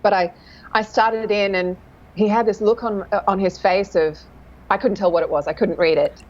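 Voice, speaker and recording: A woman dialect coach in a casual interview, talking thoughtfully and often pausing to search for words. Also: medium pitch, fairly even intonation, dull audio.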